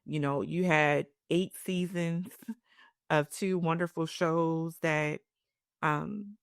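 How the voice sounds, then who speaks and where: A woman hosts a heartfelt podcast conversation, speaking emotionally and encouragingly in an almost preacherly manner. Her voice is fairly low and creaky. The sound is clean studio quality with no echo.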